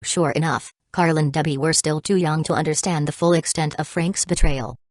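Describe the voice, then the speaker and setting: A woman narrates an audiobook in a steady, even reading. Her voice is low and dry, close to the mic with no room sound. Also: moderate pace, dry recording. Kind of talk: scripted narration.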